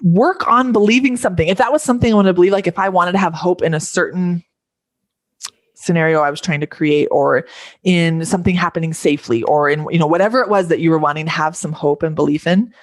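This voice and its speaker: A woman's voice: on the low side, fast, dry recording, studio quality. A woman life coach speaking as a podcast guest, earnest and thinking aloud with plenty of fillers. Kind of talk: casual conversational interview.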